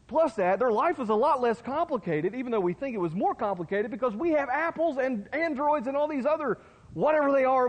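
A man's voice: very high voice, muffled recording. A man preaching a sermon in a folksy, conversational way, with asides to his listeners. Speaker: pastor. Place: church sanctuary. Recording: long hall reverb.

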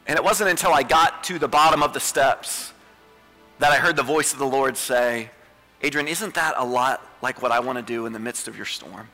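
A man in his thirties preaching a sermon as a pastor, repeating phrases and swinging between pleading high lines and hushed low ones. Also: fairly quick. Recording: reverberant hall with soft music.

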